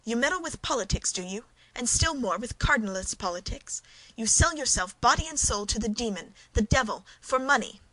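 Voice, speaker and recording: A woman's voice: medium pitch, expressive, a little fast, pushed and bright, dry recording, poor audio. A woman reading the part of a passionate young woman of twenty-three in a storybook reading, speaking with indignant force.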